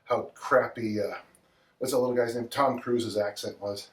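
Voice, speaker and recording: A man's voice: mid-range voice, fairly even intonation, moderate pace. A man who is a strength coach, chatting casually and rambling between sets of kettlebell swings during a livestream, chuckling often as he talks. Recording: roomy sound from a distant mic.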